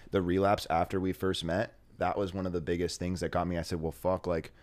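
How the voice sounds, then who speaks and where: A young man with a very deep voice talks bluntly on a podcast. He swears casually and keeps the chat loose and frank. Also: little pitch movement, a little fast, a little mellow. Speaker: podcast co-host.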